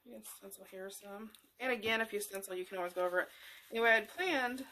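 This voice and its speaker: A middle-aged woman hosting a craft tutorial, talking casually in a rambling, halting way with many fillers and restarts. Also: medium pitch, bright, forceful tone. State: emotional, near tears.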